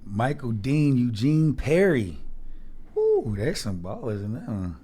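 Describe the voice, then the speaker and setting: A man's voice: medium pitch, slow pace, husky. A man in his thirties, a former football player, telling a rowdy story as a guest, acting out the people he quotes in a raised voice and swearing freely. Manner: animated, profane, acts out quotes with raised voice. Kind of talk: casual storytelling chat.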